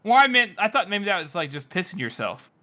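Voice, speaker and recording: A man's voice: high voice, very animated, fairly quick, sharp tone. A man co-hosting a book podcast in eager casual chat. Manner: eager, laughs at the jokes. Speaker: podcast co-host.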